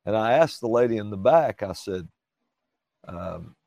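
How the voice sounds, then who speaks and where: A middle-aged man with an Alabama Southern accent tells a folksy, joking story as a guest. His delivery is unhurried and playful, drawing the words out. The sound is dry and close, with no room echo. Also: lowish voice, lively intonation, gravelly, mellow. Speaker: guest minister.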